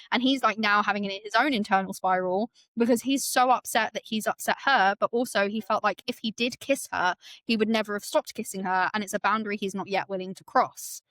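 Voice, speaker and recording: A woman co-hosting a podcast, retelling book scenes in an animated way and acting out the characters' lines. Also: medium pitch, a little fast, few pauses, dry recording. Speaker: podcast co-host. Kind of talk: book recap discussion.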